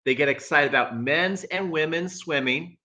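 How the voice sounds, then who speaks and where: Bright-voiced man giving blunt tennis opinions. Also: a little high, moderate pace. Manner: emphatic, repeats points, reads viewer comments aloud. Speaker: tennis commentator hosting a live stream. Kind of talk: casual opinionated commentary.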